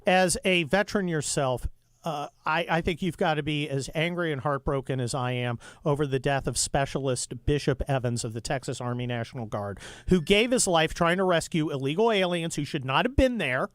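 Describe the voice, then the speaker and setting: A middle-aged man hosting talk radio in a heated, fervent way, often stumbling and restarting mid-sentence. His voice sits somewhat high for a man and sounds close and dry, with no room around it. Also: normal speed, dry recording. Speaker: guest radio host.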